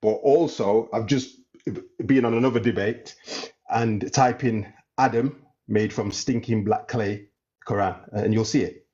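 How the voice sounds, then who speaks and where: A man in his thirties calling into a debate, explaining in a measured way. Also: on the low side, steady tone, warm tone, dull audio. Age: 30s. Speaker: caller.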